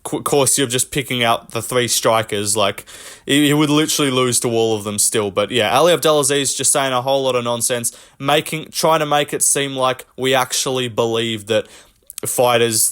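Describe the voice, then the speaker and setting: A man's voice: medium pitch, normal speed, a bit bright. Blunt, mocking young man ranting. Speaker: host. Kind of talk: casual commentary rant.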